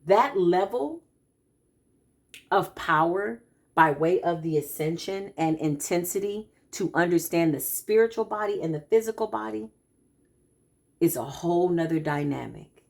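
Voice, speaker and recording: A woman, a spiritual practitioner speaking to her followers in an animated, emphatic, preacher-like way. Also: fairly low pitch, measured pace, creaky. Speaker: spiritual practitioner giving a card reading.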